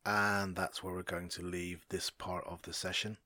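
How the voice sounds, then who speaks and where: An easygoing man plays a tabletop game and also hosts the show, keeping his talk informal. His voice is low, and the sound is dry and close. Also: flat delivery, moderate pace, bright, forceful tone, dry recording. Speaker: player and show host.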